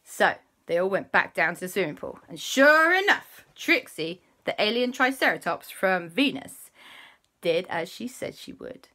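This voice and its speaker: Bright, lively woman telling a kids' story. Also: unhurried. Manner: animated, voices characters with big pitch jumps. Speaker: children's storyteller. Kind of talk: improvised bedtime-style storytelling.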